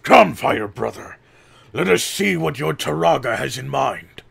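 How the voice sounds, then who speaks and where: A man voicing a steady, practical male earth warrior who speaks urgently and earnestly. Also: mid-range voice, unhurried, gravelly, slightly rough, pitched above the performer's own voice, exaggerated voice. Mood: urging. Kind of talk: audiobook character voice.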